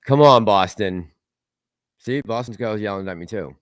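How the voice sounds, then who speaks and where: A man's voice: lowish voice, normal speed, no room sound, studio quality. A man hosting a casual livestream, rambling and laughing as he reads out and answers chat messages. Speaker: livestream host reading chat.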